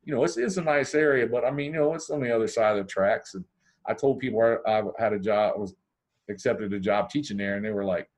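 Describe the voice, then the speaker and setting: Podcast guest: man from Ohio, low-ish voice, animated casual storyteller who acts out every line of dialogue. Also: quick pace. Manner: animated, acts out dialogue with big pitch swings.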